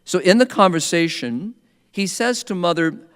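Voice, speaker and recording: Man preacher, earnest, measured, resonant voice, slightly high, hall reverb. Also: expressive, fairly bright tone, smooth. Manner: earnest, measured, slows for emphasis. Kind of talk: sermon.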